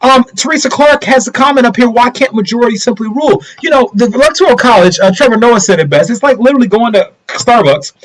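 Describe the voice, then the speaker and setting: Animated high-voiced man streaming commentary. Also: quick pace, few pauses, low-quality recording. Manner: animated, talks straight to viewers with rhetorical questions. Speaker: livestream host reading viewer comments. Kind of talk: casual political commentary livestream.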